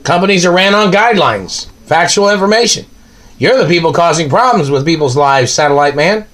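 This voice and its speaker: A man's voice: on the high side, expressive, fairly quick, a bit bright. A man delivering an angry, accusing monologue, ranting and firing off repeated questions.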